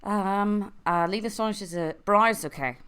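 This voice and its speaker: A woman's voice: mid-range voice, moderate pace, fairly bright tone, smooth. A young adult woman streaming an improvised interactive story and chatting with viewers, with wry, self-mocking asides.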